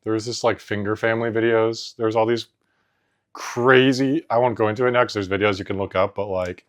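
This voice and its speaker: A man co-hosting a casual podcast, joking around and talking in quick, loose asides. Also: lowish voice, steady tone. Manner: goofy, jokey, quick asides with frequent laughter. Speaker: podcast co-host. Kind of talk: casual chat.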